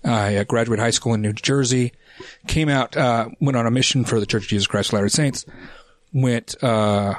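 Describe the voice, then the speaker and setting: A man's voice: mid-range voice, fairly even intonation, moderate pace. Chatty laughing man in his forties. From United States. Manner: chatty, laughs easily, self-deprecating. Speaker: podcast guest, politician. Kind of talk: casual interview chat.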